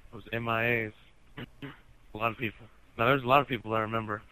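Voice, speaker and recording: A man's voice: medium pitch, steady tone, quick pace, bright, forceful tone, smooth, low-quality recording. A man in casual chat with friends, a college student with an easygoing, teasing manner.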